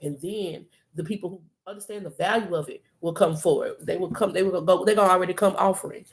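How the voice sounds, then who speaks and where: A woman's voice: fairly low pitch, fast. A woman reading tarot on a live stream, coaching the viewer in an emphatic, streetwise, profane way and repeating phrases for emphasis. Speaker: tarot reader.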